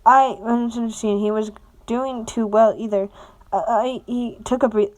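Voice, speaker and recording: A woman's voice: a little high, fairly even intonation, moderate pace, darkish tone. A young woman reading a fan story aloud casually, stumbling over words and adding her own comments. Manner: stumbling, laughs and comments between lines. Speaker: fanfiction reader.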